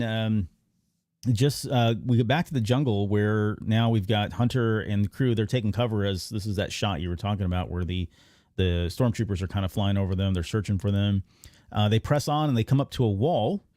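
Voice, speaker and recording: A man hosting a podcast, casually recapping an animated episode in a rambling way. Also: on the low side, no echo, studio quality. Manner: rambling recap with many fillers and restarts. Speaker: podcast host. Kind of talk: casual episode breakdown chat.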